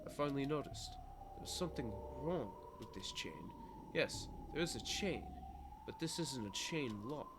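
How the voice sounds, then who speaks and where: A man's voice: medium pitch, noisy background. A man streaming a visual novel, reading its first-person narration aloud with dramatic, pleading repetition. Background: game music.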